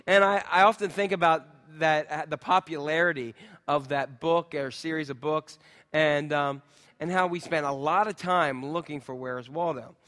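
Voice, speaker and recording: A man preaching a casual sermon, chatting with the congregation and filling pauses with ums. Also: a little high, steady tone, a bit bright, big-room sound. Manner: chatty, talks with the crowd, many ums. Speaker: pastor.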